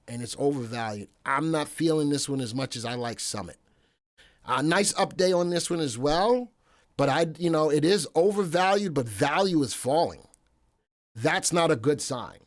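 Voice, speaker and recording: A man's voice: fairly high pitch, no echo, clean studio sound. A man hosting a live stock market show, talking casually and wandering into joking asides. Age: adult, past military service.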